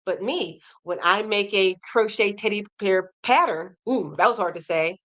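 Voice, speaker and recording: Female crochet streamer, mid-pitched, chatty, reacts warmly to comments, casual live talk. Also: moderate pace. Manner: chatty, reads viewer comments aloud, animated reactions. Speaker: crochet livestream host. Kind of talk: casual livestream chat reading comments.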